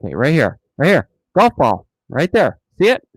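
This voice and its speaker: Animated mocking man, dry sound. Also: fairly high pitch, moderate pace, slightly rough, no echo, poor audio. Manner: animated, mocking, repeats himself. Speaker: host of a dashcam channel live stream. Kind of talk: casual live-stream chat.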